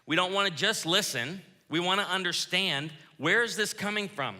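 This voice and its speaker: A man preaching a sermon as pastor, lively, acting out quoted lines as he goes. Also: high-pitched, moderate pace. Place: church auditorium. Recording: reverberant church hall.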